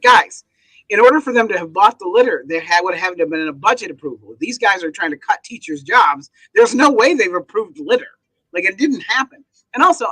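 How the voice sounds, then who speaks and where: Bright man in his forties, dry sound. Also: high voice, dry recording, low-quality recording. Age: 40s. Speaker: comedian guest. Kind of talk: casual comedic chat.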